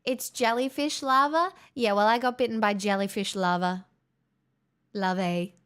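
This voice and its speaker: A young woman live streams through a headset mic, speaking unhurriedly in a mid-range voice that's clear, resonant and fairly bright, with fairly even intonation. She keeps up giggly, rambling, self-deprecating chat with her viewers.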